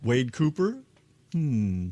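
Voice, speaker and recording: A man from Kentucky chats loosely on live radio, stalling and joking as he digs through his music. His voice swings widely in pitch. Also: sing-song, slow, warm tone. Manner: rambling, joking, stalling while he hunts for songs. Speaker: radio show co-host. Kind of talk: casual live radio chat.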